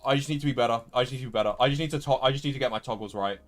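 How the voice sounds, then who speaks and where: Young male gamer, live commentary, annoyed and self-critical, mid-range voice, music low in the background. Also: rapid-fire. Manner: frustrated, repeats himself, self-critical. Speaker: game streamer.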